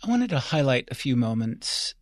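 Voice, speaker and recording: A man hosting a public radio interview, measured and easy, asking long framing questions. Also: medium pitch, big pitch swings, no echo, studio quality. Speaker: radio host.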